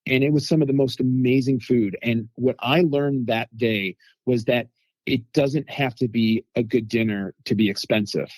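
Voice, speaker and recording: A man telling lively food anecdotes as a guest in a casual interview, acting out quotes from people he met. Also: mid-range voice, normal speed, no echo. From United States. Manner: animated anecdotes with quoted voices.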